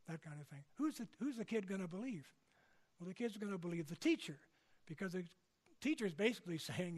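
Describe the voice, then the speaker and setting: High-pitched, animated and brisk, an older man from Canada delivers a public talk in a conversational style. He keeps checking in with the audience using frequent tag questions.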